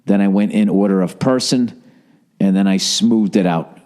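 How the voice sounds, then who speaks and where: A man holds the mic alone, spinning a long casual story with a wry, profane edge. His voice sits a little low and unhurried, drifting from one aside to the next. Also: mellow. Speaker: podcast host.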